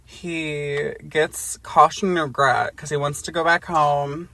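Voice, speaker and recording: A man's voice: fairly high pitch, steady tone, takes it slowly, gravelly, sharp tone. A man co-hosting a podcast, reading a book aloud for comedy with joking asides. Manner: joking asides, breaks into laughter. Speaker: podcast co-host.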